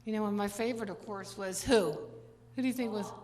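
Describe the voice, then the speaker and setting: A woman's voice: medium pitch, darkish tone. Chatty older woman in a reverberant hall. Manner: chatty, rambling anecdotes, quick laughs. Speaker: musician performing a concert. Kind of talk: stage banter between songs. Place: large church venue. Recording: live concert hall with long reverb and instrument.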